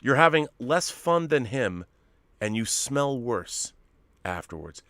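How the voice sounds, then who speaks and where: A man co-hosting a casual live stream, talking in an animated, emphatic way and swearing freely. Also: mid-range voice, takes it slowly, dry recording. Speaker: co-host.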